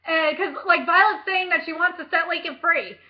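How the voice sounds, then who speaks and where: A young woman vlogger chatting about a book, gushing and excitable, with lots of fillers and casual swearing. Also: very high-pitched, moderate pace, highs cut off.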